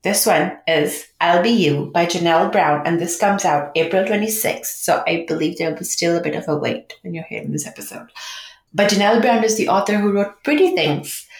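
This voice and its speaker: A woman co-hosting a book podcast, chatting and then reading a book summary in an upbeat, steady way. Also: medium pitch. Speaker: podcast co-host. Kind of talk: casual chat and reading a book blurb. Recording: echoey room.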